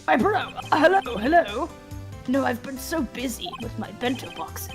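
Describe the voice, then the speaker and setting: A woman's voice: sits high, expressive, a little slow, over music. A woman playing a flustered old judge. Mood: fussy polite. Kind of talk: live fan voice acting over a game.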